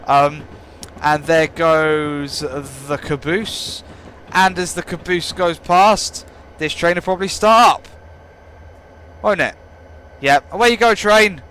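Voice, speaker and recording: A man's voice: on the high side, a bit bright, smooth. A young man giving rambling, playful commentary over gameplay, joking at his own expense. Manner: rambling, playful, self-mocking. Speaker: gaming channel host.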